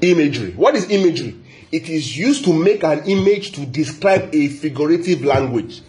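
A man's voice: on the high side, animated, normal speed, dark tone. A man preaching a sermon as a pastor, emphatic and repetitive, often checking in with the congregation. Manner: repetitive, emphatic, asks the audience "yeah?". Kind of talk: sermon teaching.

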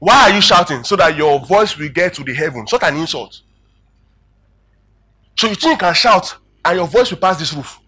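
A man preaching a sermon, animated and emphatic, calling out questions to his congregation. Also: on the high side, normal speed, slightly rough. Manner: emphatic, animated preaching with rising and falling volume.

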